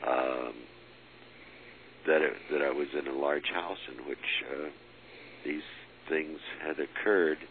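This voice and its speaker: A man telling a personal story as an interviewee, halting with many fillers and restarts and chuckling as he goes. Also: very deep voice, fairly even intonation. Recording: lo-fi phone-like recording with faint hiss.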